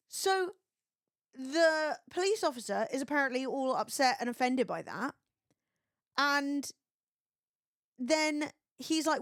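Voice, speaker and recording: A woman's voice: sits high, expressive, measured pace, fairly bright tone, dry recording, clean studio sound. A young woman streaming, retelling gossip in a sweary, chatty way. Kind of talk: casual livestream chat.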